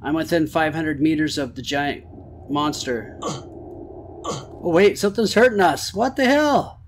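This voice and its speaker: A man giving excitable let's-play commentary on a horror game, swearing and talking to the game. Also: on the high side, a little slow, slight background noise. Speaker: gamer.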